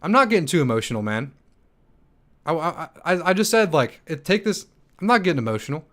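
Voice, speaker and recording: A young man hosting a livestream Q&A, reading chat comments aloud and answering in a hyped, fast manner with many ums and restarts. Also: a little high, big pitch swings, fairly bright tone. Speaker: stake pool operator and channel host.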